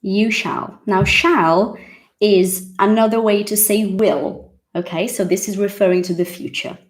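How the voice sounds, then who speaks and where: A Brazilian woman in her thirties, a native Portuguese speaker, teaches English in a relaxed, chatty way. She speaks slowly and deliberately with a mid-range voice and a Brazilian accent. She playfully acts out surprised reactions. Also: medium pitch. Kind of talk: casual spoken lesson.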